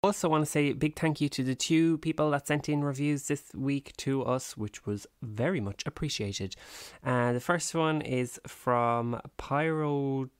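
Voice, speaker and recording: A man's voice: mid-range voice, steady tone, a little slow, clean tone, no echo, clean studio sound. A man co-hosting a podcast in casual comedic chat, joking and teasing, stumbling over names as he reads. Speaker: podcast co-host.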